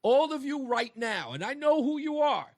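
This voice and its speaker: A male talk radio host speaks into a studio microphone in a high voice that swings widely in pitch. He drives his points home emphatically and keeps firing rhetorical questions at his audience. The sound is close and dry. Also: big pitch swings, moderate pace, no room sound. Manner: emphatic, rhetorical, addresses listeners directly.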